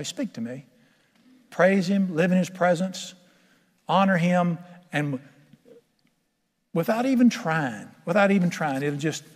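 A man's voice: fairly high pitch, a little mellow. Folksy preacher man in a reverberant hall. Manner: folksy, conversational, humorous. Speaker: pastor. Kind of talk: sermon. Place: church sanctuary with congregation.

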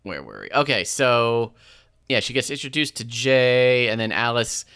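A man co-hosting a podcast, recapping an episode in relaxed casual chat with lots of fillers and restarts. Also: medium pitch, moderate pace, clean tone. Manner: laid-back, many fillers and restarts, laughs often. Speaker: podcast co-host.

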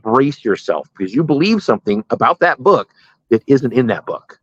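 A man's voice: medium pitch, sing-song, normal speed, slightly rough, no echo, highs cut off. A middle-aged man, a pastor, telling stories from his life in a casual interview and laughing at his own jokes.

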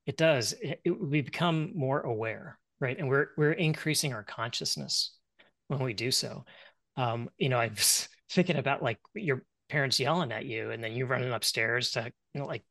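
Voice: mid-range voice, normal speed, gravelly, fairly bright tone, no room sound. A podcast guest speaking reflectively in casual chat and laughing easily.

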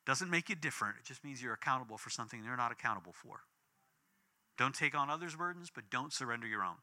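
A man in his fifties preaching a sermon, telling a personal story with big swings between loud and hushed. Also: fast. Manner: animated storytelling with big swings in pitch and volume. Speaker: pastor.

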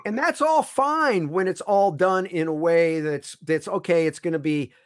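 A man's voice: high-pitched, unhurried, no echo, studio quality. A man as a podcast guest, explaining his concerns earnestly at length, often restarting his sentences. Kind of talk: casual interview chat.

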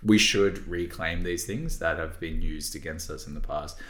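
A man with a very deep voice talks through his views on a podcast, stopping and restarting as he thinks aloud. The room around him adds a noticeable echo. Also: moderate pace, fairly bright tone. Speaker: podcast co-host. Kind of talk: casual discussion.

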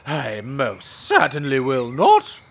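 A man's voice: medium pitch, wildly swooping pitch, slow pace, gravelly, heavily acted. A man playing a pompous, haughty servant of an earl in a comedy sketch. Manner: haughty, indignant.

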